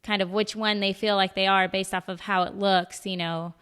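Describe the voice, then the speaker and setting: A woman's voice: mid-range voice, flat delivery, fairly bright tone, clear, resonant tone, long reverb tail. A woman hosting a podcast interview who chats casually, adds frequent backchannels, laughs easily and uses a lot of fillers. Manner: chatty, many backchannels, quick laughs, filler-heavy. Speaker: podcast host.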